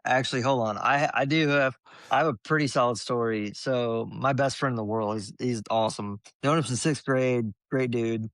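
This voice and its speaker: A man's voice: medium pitch, moderate pace, fairly bright tone, dry recording. A young man on a podcast, casually telling stories and laughing often. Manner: laid-back storyteller, laughs a lot. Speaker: podcast host. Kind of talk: casual chat.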